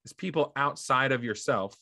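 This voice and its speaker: A man in a casual chat who speaks in a measured, reflective and affirming way. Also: mid-range voice, bright, forceful tone, dry recording, studio quality. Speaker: youth ministry podcast co-host.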